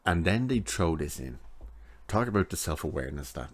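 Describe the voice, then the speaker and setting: Low-voiced man recapping an episode. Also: sing-song, a little fast. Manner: chatty, sarcastic asides, laughs at own jokes. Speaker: TV episode reviewer.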